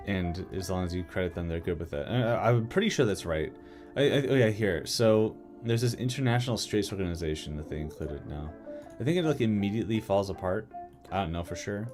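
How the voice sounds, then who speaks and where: A man talking casually on a live stream, thinking aloud with many fillers and restarts. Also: fairly low pitch. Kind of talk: casual live-stream chat about a map mod.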